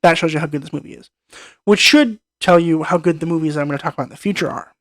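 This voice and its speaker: A man's voice: a little high, fast, a bit bright, no room sound. Enthusiastic rambling young man. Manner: enthusiastic, rambling, repeats words. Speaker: film review vlogger. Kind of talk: casual film review monologue.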